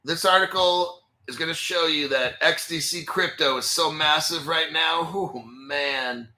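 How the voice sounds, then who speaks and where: A man's voice: on the high side, steady tone, normal speed, sharp tone. A man hosting a crypto channel, talking in a casual, blunt and exasperated way straight to his viewers as he works at his computer. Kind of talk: casual livestream commentary.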